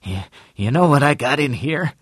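A man voicing a squeaky-voiced, defensive old man in an audiobook. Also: animated, normal speed, slightly rough, dry recording, clean studio sound. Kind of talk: audiobook character reading.

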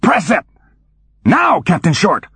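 A man voicing a gruff male commander who barks orders. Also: sits high, wildly swooping pitch, slow, pushed and bright, no room sound, pitched above the performer's own voice, full character voice. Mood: commanding. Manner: bellowing orders.

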